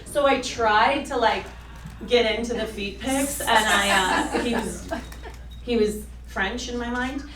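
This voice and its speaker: A woman performing a stand-up comedy set on a club stage, animated and self-mocking, breaking into loud yelled bits. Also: on the high side, a little slow, very noisy. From suburban Detroit. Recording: roomy club sound from a distance with crowd. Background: audience laughing.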